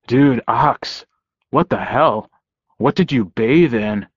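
A man's voice: medium pitch, slow pace, slightly rough, no room sound, lo-fi sound. A man voicing a teasing, amused young werewolf man in an audiobook, easy and mocking. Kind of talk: audiobook character voice.

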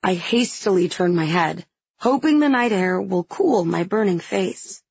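Breathy, slow woman narrating a story. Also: lowish voice, expressive, no echo, highs cut off. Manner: soft, intimate, unhurried. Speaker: audiobook narrator. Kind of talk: first-person fantasy audiobook narration.

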